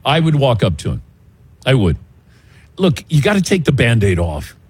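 A man hosting a sports talk show, a chatty, animated storyteller who chuckles often. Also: mid-range voice, normal speed, breathy edge, no echo. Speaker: radio show host. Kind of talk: casual sports talk chat.

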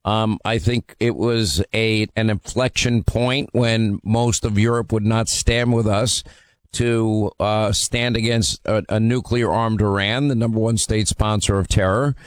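A man's voice: on the low side, steady tone, measured pace, clear, resonant tone, no room sound. A man hosting a call-in radio show, talking in an emphatic way with frequent fillers and restarts. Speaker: radio talk show host.

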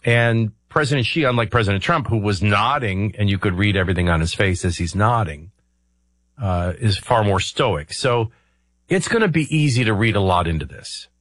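Low husky-voiced male radio host. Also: animated, moderate pace, fairly bright tone, dry recording. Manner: rambling, explanatory, with filler ums and uhs. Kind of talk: conversational political commentary.

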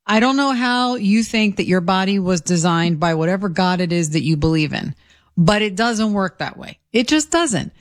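A woman's voice: medium pitch, normal speed, dry recording. Female radio co-host, blunt and sarcastic, dry studio mic. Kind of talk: opinionated talk radio banter.

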